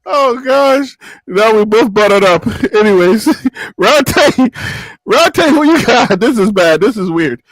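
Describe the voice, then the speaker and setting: A high-pitched man runs a casual sports panel, teasing his guests and breaking into laughter. His voice swings widely in pitch, and the sound is dry and close. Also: slow, dry recording. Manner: laughs often, teasing, animated. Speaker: podcast host.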